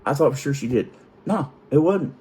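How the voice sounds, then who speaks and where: A middle-aged man telling a comic personal story in a profane, animated way, acting out the quotes in different voices. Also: a little high, normal speed. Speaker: storytelling vlogger.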